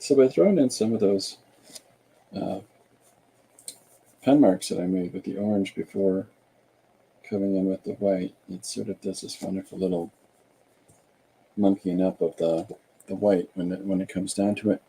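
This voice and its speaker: A podcast host and artist chats casually and jokingly while he draws, rambling and thinking out loud. His low voice is gravelly, mellow, and slightly rough, at normal speed with frequent pauses.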